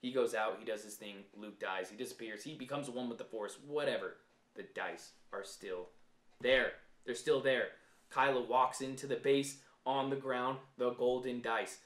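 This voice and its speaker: A man co-hosting a casual fan podcast, laying out his points step by step in an animated, argumentative way. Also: medium pitch, moderate pace, roomy sound. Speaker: podcast co-host.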